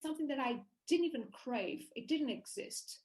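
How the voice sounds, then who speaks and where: A woman with a slightly high voice tells her own story as an interview guest. She speaks with animation and often trips over and restarts her sentences, in a relaxed, conversational way. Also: moderate pace, low-quality recording.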